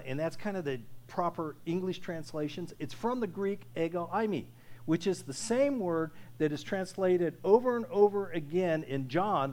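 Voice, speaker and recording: A man with a high voice preaches a sermon. He drops to quiet, slow lines, then builds to loud, emphatic declarations. He keeps putting questions to his listeners. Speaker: pastor.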